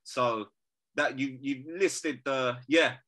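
A man co-hosting a fight podcast, teasing and swearing freely in casual banter over a remote call. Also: slow. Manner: animated, teasing, swears freely, bursts into high laughs. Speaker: podcast co-host.

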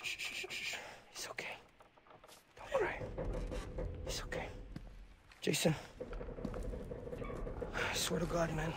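An actor playing an unhinged, volatile male pirate warlord in a video game cutscene, mocking and menacing, swinging from soft coaxing to explosive shouting. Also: on the high side, lightly acted. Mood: menacingly soft. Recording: noisy game audio with roomy reverb.

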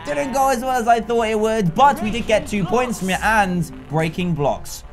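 A young British man giving excitable, chatty gameplay commentary as a YouTuber. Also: high-pitched, normal speed, soft background music. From Britain. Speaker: gaming YouTuber.

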